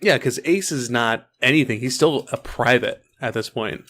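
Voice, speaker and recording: A man's voice: mid-range voice, moderate pace, fairly bright tone. A young adult man co-hosting a podcast, chatting casually and rambling a bit. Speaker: podcast co-host. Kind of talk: casual chat.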